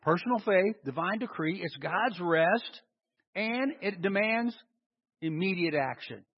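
A man preaches with a high, expressive, slightly rough voice, going a little slowly. He's emphatic, stressing single words and answering the rhetorical questions he asks. The audio is lo-fi and dull, with the echo of a hall.

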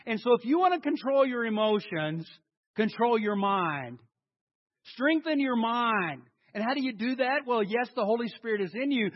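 A man's voice: extremely high pitch, dull audio. A man preaching a sermon, acting out his inner dialogue as he talks to his congregation. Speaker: pastor.

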